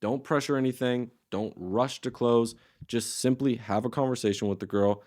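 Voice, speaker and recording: A man's voice: mid-range voice, fairly even intonation, moderate pace, darkish tone, dry recording, studio quality. A man in his twenties teaching a casual tutorial, talking in a loose, slangy and blunt way. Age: 20s. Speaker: course host.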